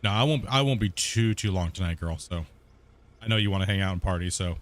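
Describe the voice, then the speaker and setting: A gaming streamer plays from home, his low voice moving fast. He chats casually with viewers and people in the house, laughing often.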